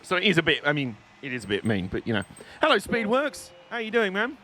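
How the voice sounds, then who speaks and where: A man's voice: high-pitched, wildly swooping pitch, fast, pushed and bright, a little hiss or hum. Chatty British man streaming a racing game. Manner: chatty, joking, reads chat aloud. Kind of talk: casual live-stream commentary.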